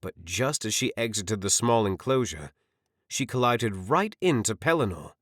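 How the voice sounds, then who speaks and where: A man narrating a fantasy audiobook with expressive storytelling. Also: fairly low pitch, normal speed, dry recording, studio quality.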